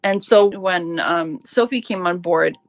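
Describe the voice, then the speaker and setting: A woman's voice: lowish voice, unhurried, no room sound, dull audio. A woman recounting her time managing a magazine team, telling it candidly and acting out quoted dialogue. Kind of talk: interview testimony.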